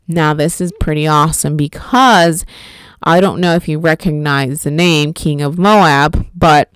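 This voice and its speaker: A woman's voice: on the low side, clear, resonant tone, no echo. A woman giving an informal Bible history lesson, talking conversationally with fillers and self-corrections. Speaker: Bible teacher. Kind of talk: informal teaching talk.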